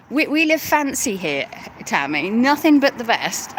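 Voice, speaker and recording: A woman's voice: high-pitched, very animated, slow pace, fairly bright tone, a little hiss or hum, low-quality recording. Giggly British woman streaming outdoors. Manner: giggly, teasing, swears casually. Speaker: livestream host. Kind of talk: casual live chat with viewers. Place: outdoors at night near a hotel and graveyard.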